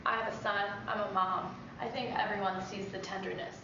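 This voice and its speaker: A woman's voice: mid-range voice, fairly even intonation, fairly quick. A woman, a mother and reality show contestant, doing a pro wrestling promo, hesitant and then fierce with swearing. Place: large echoey house interior. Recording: echoey dull livestream audio with noise.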